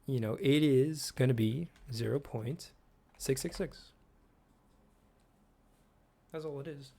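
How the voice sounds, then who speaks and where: A man's voice: medium pitch, slow, vocal fry, mellow. A man hosting his own video, rambling casually while he works at his desk, often asking the viewer questions and swearing now and then. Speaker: video host.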